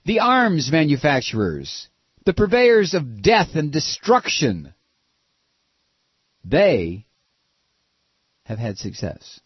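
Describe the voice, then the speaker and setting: A man's voice: wildly swooping pitch, slow, long pauses, husky, no echo, highs cut off. Sarcastic ranting American talk radio man. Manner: sarcastic, mocking, swings from shouting rants to low muttered asides. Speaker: political talk radio host. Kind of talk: opinionated talk radio monologue.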